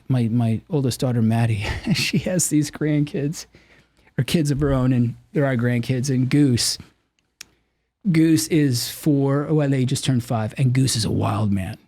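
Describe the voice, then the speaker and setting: A man's voice: mid-range voice, unhurried, dark tone, no echo. A middle-aged man speaking earnestly and with animation as a podcast guest, telling personal stories and acting out the voices he quotes. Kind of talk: candid personal storytelling.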